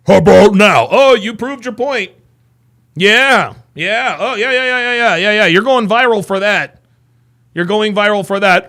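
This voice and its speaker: Man, live stream host, reaction commentary, very animated pitch, high voice, exasperated and cursing. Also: unhurried, long pauses.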